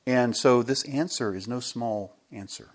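An American pastor preaching a sermon in a church, telling stories with a lively manner and chuckling between his points. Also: medium pitch, unhurried. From United States.

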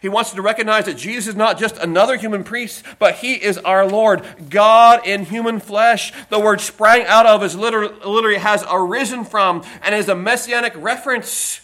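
Guy preaching in church, pretty high voice, punches some words then drops way quiet. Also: moderate pace, hardly any pauses. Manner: emphatic preaching that swings between loud stresses and quiet asides. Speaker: pastor. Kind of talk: sermon.

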